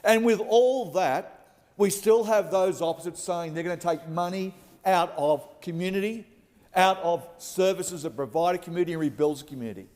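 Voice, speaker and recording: An Australian man with a fairly high voice delivers a combative parliamentary speech, hammering his points one after another. His voice rings out with the long reverb of a large Senate chamber. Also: normal speed, darkish tone. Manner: combative, emphatic, listing points.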